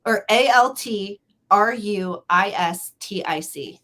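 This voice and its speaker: A woman in her forties hosts a casual livestream, chatting and laughing as she reads out birthday personality traits and spells out the hard words. Her medium-pitched voice is sharp in tone and slow, with slight background noise.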